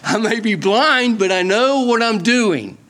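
A man's voice: sits high, expressive, measured pace, a bit bright. A man doing old blind Jacob, stubborn. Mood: firm. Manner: firm, blunt.

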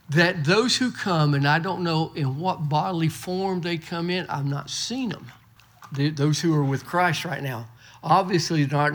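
A man's voice: fairly high pitch, fairly bright tone. A middle-aged man preaching a folksy sermon, often repeating and restarting words. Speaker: pastor. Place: church.

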